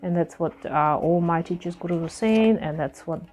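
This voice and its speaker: A woman teaching yoga who reads passages from a scripture and then explains them loosely in her own words, with many pauses and fillers. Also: fairly low pitch, darkish tone, soft background music.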